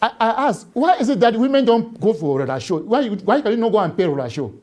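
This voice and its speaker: A man's voice: high-pitched, sing-song, quick pace, a little mellow. A man, a Catholic priest talking on a live studio show, emphatic, repeating words and asking rhetorical questions. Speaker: Catholic priest and book author, studio guest.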